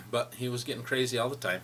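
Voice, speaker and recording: A middle-aged man with a bright voice tells loose, rambling stories about an old friend, often breaking into laughter. A faint hum of background noise sits under his voice. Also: medium pitch, brisk. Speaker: friend sharing memories. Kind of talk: personal storytelling.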